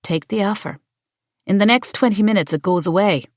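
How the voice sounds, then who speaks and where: A woman voicing a cool, pushy landlady who presses a deal in a brisk, businesslike way, in an audiobook. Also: mid-range voice, no room sound, clean studio sound, voice pushed up, close to an everyday voice.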